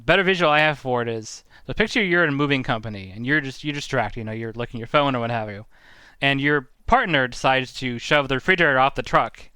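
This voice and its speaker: A man's voice: medium pitch, fast, pushed and bright, smooth, dry recording. A man co-hosting a podcast, giving thoughtful, analytical opinions in casual chat, with vivid comparisons.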